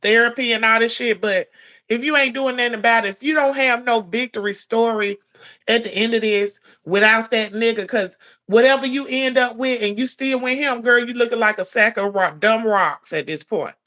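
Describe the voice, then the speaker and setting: A woman delivers a blunt, profane commentary rant. Her voice sits a little high and sounds bright and forceful, and she scolds without letting up. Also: normal speed. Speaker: commentary vlogger.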